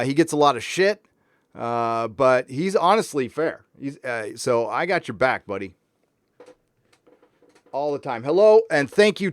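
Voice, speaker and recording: A man hosting a casual live stream, ranting with lots of swearing and reading out viewer messages in a warm room. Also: fairly high pitch, dry recording, clean studio sound.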